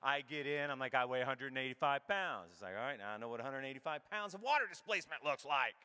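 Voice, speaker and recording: Middle-aged male keynote speaker, comedic storyteller, bright and punchy, big hall echo. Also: medium pitch, quick pace, smooth. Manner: animated and irreverent, acts out his own thoughts. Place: large conference hall. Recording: long hall reverb.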